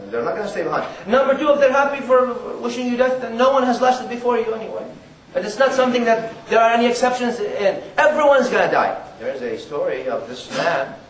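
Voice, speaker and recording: A man giving a Friday sermon, earnest and repetitive, reciting Arabic verses quickly between his explanations. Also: very high-pitched, expressive, echoey room, far from the mic, a little hiss or hum, poor audio. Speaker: preacher.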